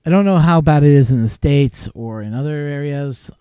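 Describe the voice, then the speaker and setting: A man's voice: fairly high pitch, normal speed, mellow, clean tone, dry recording, clean studio sound. A man chatting casually on a live stream from home, rambling and chuckling through his stories with lots of fillers. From Canada.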